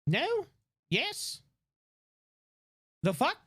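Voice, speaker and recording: A man streaming live, chatting excitably, swearing and rambling with restarts into a desk microphone. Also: very high-pitched, drawn-out words. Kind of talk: casual live-stream chat.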